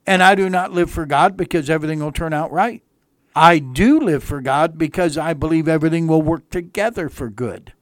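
A man's voice: fairly high pitch, brisk, no room sound, clean studio sound. A man preaching as a pastor on a radio sermon, folksy and earnest, repeating phrases for emphasis.

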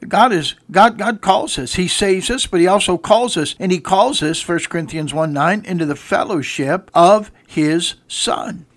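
A man's voice: high voice, measured pace, hardly any pauses, fairly bright tone. A man preaching a sermon, telling a story and then repeating a rising refrain to his listeners.

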